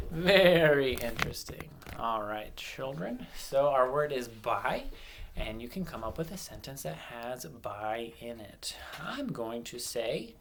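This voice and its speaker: A man gives an online lesson to young children in a playful, animated way. He speaks slowly and deliberately, drawing his words out. His pitch swings widely, and his voice has a gravelly rasp. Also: a little hiss or hum. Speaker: primary school teacher.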